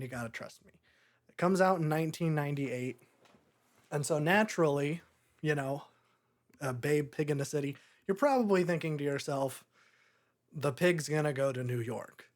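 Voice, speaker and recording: A man's voice: a little high, a little mellow. Rambling sarcastic young man. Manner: rambling, sarcastic, lots of fillers. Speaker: podcast co-host. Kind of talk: casual movie review chat.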